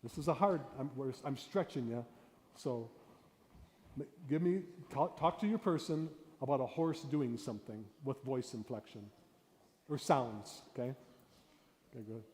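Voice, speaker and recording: A pastor teaching a storytelling workshop, animated, swinging between loud bursts and hushed talk. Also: male voice, mid-range voice, normal speed. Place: church hall. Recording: reverberant hall with faint room noise.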